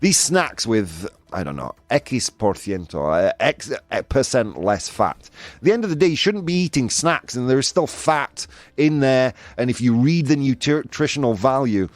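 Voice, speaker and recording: A man's voice: medium pitch, normal speed, no echo. A man with a Yorkshire accent co-hosting a podcast in casual chat, joking and rambling as he talks. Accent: Yorkshire English. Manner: animated, jokey, rambling with restarts. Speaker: podcast co-host.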